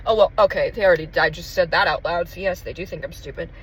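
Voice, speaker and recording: A woman's voice: fairly low pitch, fast, a little hiss or hum, poor audio. A woman talking in a casual confessional vlog, emotional and rambling, swearing freely as she searches for words. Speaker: vlogger.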